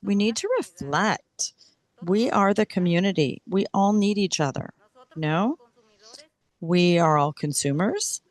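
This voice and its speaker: A woman interpreting public comments at a council meeting into English, speaking in a slow, measured, deliberate way. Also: fairly low pitch, lively intonation, no echo.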